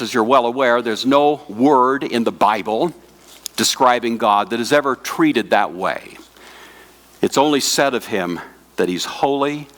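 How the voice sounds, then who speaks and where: A man giving a conference lecture to pastors, in a measured, teacherly manner, putting questions to his audience and slowing down and dropping his voice on key words. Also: a little high, fairly bright tone.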